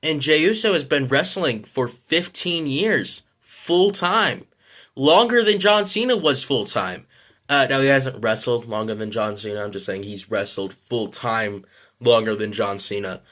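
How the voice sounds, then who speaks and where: A man's voice: medium pitch, measured pace, fairly bright tone. Frustrated man ranting, swearing. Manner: frustrated, rambling, swears a lot, apologetic. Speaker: vlogger. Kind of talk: casual ranting vlog.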